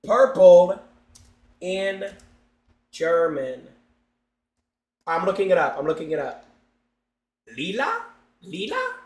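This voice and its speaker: A young man live-streaming, chatting loudly and excitedly to his viewers while he opens game packs. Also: high voice, slow, pauses often, roomy sound. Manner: excitable, loud, chanting and talking to chat.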